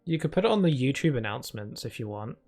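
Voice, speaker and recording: A man's voice: mid-range voice, big pitch swings, fast talker, a little mellow. Chatty man streaming a game. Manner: chatty, playful, answers chat with many fillers. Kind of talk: casual live-stream chat. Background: game music.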